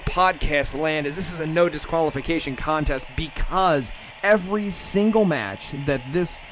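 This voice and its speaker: A man's voice: a little high, moderate pace, fairly bright tone, slight background noise. A man doing mock wrestling color commentary in a dry, mock-serious manner.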